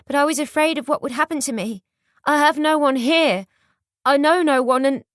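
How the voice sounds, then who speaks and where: Woman playing a frightened young woman, high-pitched, wobbly, shaky, close dry audiobook sound. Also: normal speed, no room sound, natural voice. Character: nervous young woman posing as an heiress.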